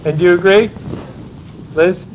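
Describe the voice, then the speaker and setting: A male law professor teaching a class Socratically, calling on students by name and checking answers with quick "right?" tags. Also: sits high, darkish tone, a little hiss or hum, rough recording. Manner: rapid cold-calling of students, tag questions like "right?". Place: university classroom.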